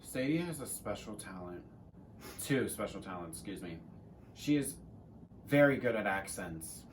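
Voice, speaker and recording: A man's voice: fairly low pitch, animated, moderate pace, far from the mic, noisy background. A teenage man co-hosting a casual Q&A chat, rambling and joking with some swearing. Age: teens. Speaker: co-host.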